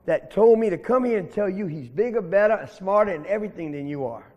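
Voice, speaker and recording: A man's voice: high voice, lively intonation, fast, dull audio. A man voicing a small, clever young female rabbit, timid and meek. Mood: sly. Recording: echoey hall reverb.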